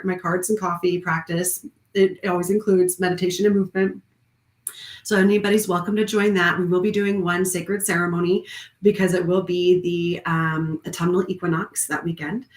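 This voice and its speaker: A woman who leads a wellness studio, giving a heartfelt, effusive live-streamed talk that rambles with restarts. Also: on the low side. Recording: roomy echo.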